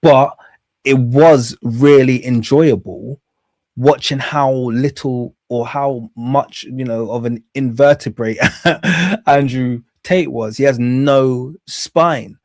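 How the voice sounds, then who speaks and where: A man's voice: medium pitch, slow pace, darkish tone, no echo. A man hosting a casual commentary, sarcastic and rambling. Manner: sarcastic, rambling, laughs at his own jokes. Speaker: commentary host.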